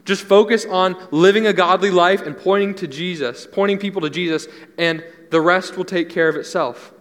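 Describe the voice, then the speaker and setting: A young man preaching to a congregation, his fairly high voice carrying an earnest, conversational warmth as he repeats key phrases for emphasis. The sound hangs in a large church hall with a long reverb tail. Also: normal speed. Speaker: pastor. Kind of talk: sermon.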